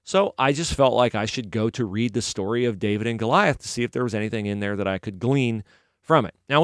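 A man gives a casual faith talk in a conversational style, animated when he tells a story. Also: on the low side, smooth, dry recording, studio quality. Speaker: Christian commentator.

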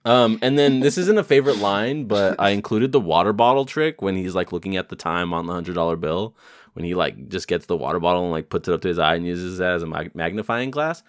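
Laid-back young man, low dry voice. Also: lively intonation, a little fast, dry recording. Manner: rambling, quotes lines from the movie, laughs often. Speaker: podcast co-host. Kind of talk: casual movie-review chat.

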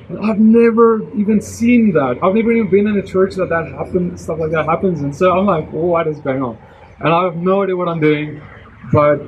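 Earnest man telling a story, slightly high. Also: a little hiss or hum, rough recording. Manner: earnest, excited, rambling with many restarts. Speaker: vlogger sharing a testimony. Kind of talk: casual personal storytelling.

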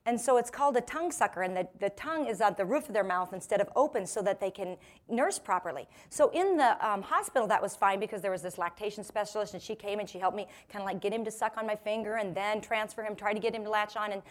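A woman in her forties, a motivational speaker, tells humorous stories to a live audience in a mid-range voice. She talks fast and is lively and self-mocking, laughing often and acting out the voices of the people she quotes.

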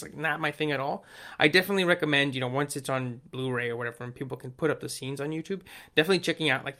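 A man co-hosting a podcast, chatting casually and rambling excitedly with many fillers and restarts. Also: on the high side. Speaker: podcast co-host. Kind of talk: casual chat.

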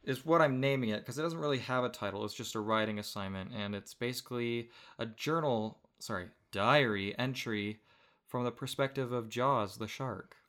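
A male podcast host talking casually with his co-host. He is dry and a bit hesitant, trailing off with small fillers as he sets up the reading. His voice sits in a middle pitch. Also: normal speed. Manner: relaxed, wry, hesitant with fillers.

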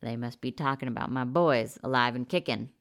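A man's voice: medium pitch, a little fast, a bit bright, close to an everyday voice. A woman doing a swaggering prepper man, Blake. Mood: scheming. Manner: crude, fired-up rallying talk.

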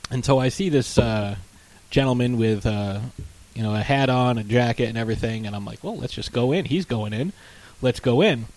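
A man's voice: mid-range voice, normal speed, darkish tone, low-quality recording. A man co-hosting a podcast, chatting casually in a dry, teasing, matter-of-fact way. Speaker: podcast co-host. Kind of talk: casual chat.

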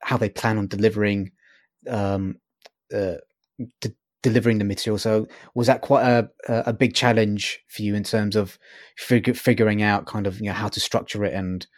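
A man's voice: lowish voice, steady tone, normal speed, no room sound, studio quality. A man interviewing a guest in a casual way, hesitant and full of fillers.

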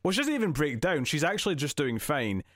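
A man's voice: fairly high pitch, quick pace, no echo, clean studio sound. A man co-hosting a podcast, chatting casually about a film and acting out scenes as he retells them. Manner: animated retelling, acts out scenes in quoted voices. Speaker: podcast co-host. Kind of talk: casual film review chat.

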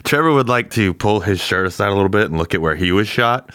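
Deep, animated joker of a player, swears, dry sound. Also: male voice, fast, clear, resonant tone, no echo. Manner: jokey, expressive, swears. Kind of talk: playing a tabletop game.

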